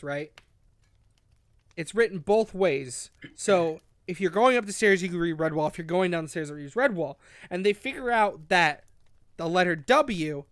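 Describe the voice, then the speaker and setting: A podcast co-host retelling a childhood fantasy book in casual chat, swearing freely and acting out the characters. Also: male voice, high-pitched, dry recording, clean studio sound. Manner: animated storyteller, swears often, acts out characters.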